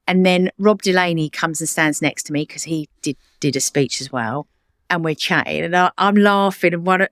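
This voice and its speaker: Lively chatty British woman guest. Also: sits low, no room sound, studio quality. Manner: animated, laughs often, acts out quoted voices. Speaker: charity founder, guest. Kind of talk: conversational interview storytelling.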